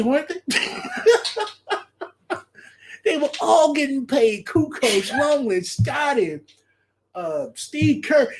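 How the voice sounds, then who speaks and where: A man with a high, lively voice hosts a solo podcast. He chats casually in an animated way, laughs often and repeats his phrases. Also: slight background noise. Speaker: podcast host.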